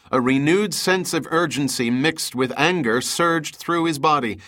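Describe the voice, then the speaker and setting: A man reading an adventure audiobook aloud in a steady, measured narration. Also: mid-range voice.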